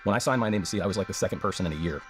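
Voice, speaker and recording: A man's voice: low-pitched, rapid-fire, a bit bright, soft background music. An American man, a scholar guest in an interview, explaining and telling stories with eager enthusiasm. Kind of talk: enthusiastic lecturing interview talk.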